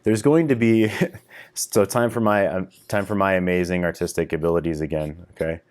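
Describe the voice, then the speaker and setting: Middle-aged guy coaching men, real deep voice, blunt and casual, swears a lot. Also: steady tone, normal speed, darkish tone. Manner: frank, casual, swears freely, coaching directly. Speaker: relationship coach. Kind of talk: video lesson for men.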